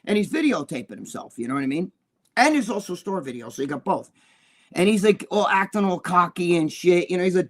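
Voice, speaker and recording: Profane, blunt co-host, a man, slightly high voice, dry close sound. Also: expressive, fast talker, no echo. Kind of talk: casual talk show chat.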